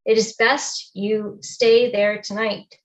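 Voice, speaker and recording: A woman reading the lines of an aunt calmly delivering bad news over the phone. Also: medium pitch, slow, highs cut off. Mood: grave. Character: grave, matter-of-fact aunt on the phone.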